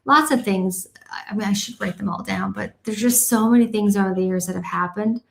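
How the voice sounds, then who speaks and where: A woman's voice: medium pitch, fairly quick, vocal fry, roomy sound. A woman guest on a radio show, telling personal anecdotes in a chatty, casual way with many "you know"s. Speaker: guest storyteller. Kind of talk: casual interview conversation.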